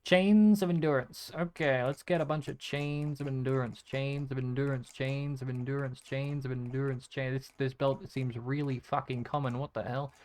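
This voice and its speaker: A man's voice: medium pitch, steady tone, normal speed, few pauses, a little mellow. A male gaming streamer giving casual gameplay commentary, muttering repeated item names as he clicks and swearing often.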